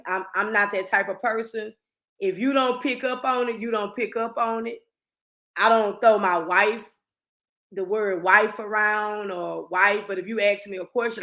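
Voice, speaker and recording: Animated woman barber telling a story. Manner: animated and exasperated, talking straight to viewers; reads texts aloud in a flat voice, then reacts with rising pitch. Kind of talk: casual storytime vlog.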